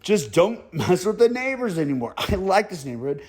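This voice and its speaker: A man's voice: high-pitched, big pitch swings, darkish tone, slightly rough, full character voice. A man doing a stern neighborhood boss. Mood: threatening. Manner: slow, threatening, mixes in Spanish phrases. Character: stern middle-aged male neighborhood boss.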